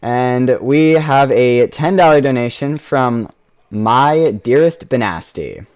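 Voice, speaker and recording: A man's voice: mid-range voice, no room sound. A man hosting a charity stream, reading donation messages in a playful, teasing way.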